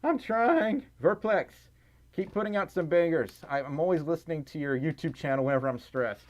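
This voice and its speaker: A young man chatting on a livestream, reading out donations in an excitable, giggly, rambling way that keeps running him out of breath. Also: on the high side, normal speed. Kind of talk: casual livestream chat. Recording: slightly dull lo-fi stream audio.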